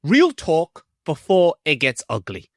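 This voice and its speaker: A man co-hosting a podcast, with a voice that is a little higher than most men's and swings up and down a lot as he tells the story. He talks in a casual, animated way and slips into other voices as he acts out scenes. The sound is dry and close to the mic. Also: a little slow, dry recording. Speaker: podcast co-host.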